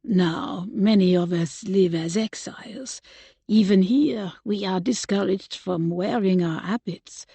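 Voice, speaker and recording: Woman narrator playing a middle-aged French nun, French accent, wry and grave, slow. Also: medium pitch, vocal fry, dark tone, breathy edge, no echo, exaggerated voice. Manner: wry, earnest, deliberate.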